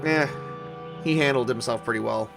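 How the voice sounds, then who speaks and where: A man's voice: mid-range voice, moderate pace, creaky. A man narrating a solo tabletop game, thinking aloud as he decides what happens. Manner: musing, thinking aloud with fillers. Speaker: solo game master and player. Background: faint background music.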